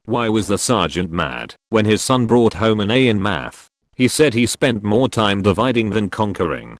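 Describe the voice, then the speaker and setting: A man tells military jokes in a scripted, measured way. His voice sits low and moves lively up and down between setup and punchline. The sound is dry and close, with no room around it. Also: dry recording. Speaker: joke narrator. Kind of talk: scripted joke reading.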